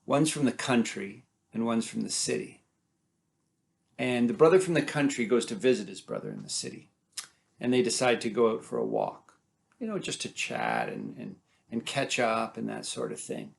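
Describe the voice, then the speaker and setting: A man telling folk tales aloud, animated and dramatic, building up and dropping his volume. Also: medium pitch, moderate pace, creaky. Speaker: storyteller. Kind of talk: oral folk-tale storytelling.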